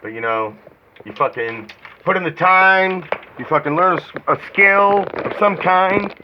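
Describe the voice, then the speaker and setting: A man's voice: high voice, measured pace, a little hiss or hum. A man in casual phone chat, rambling and swearing as he talks through his thoughts. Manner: rambling, swearing, self-reflective. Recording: muffled lo-fi phone call.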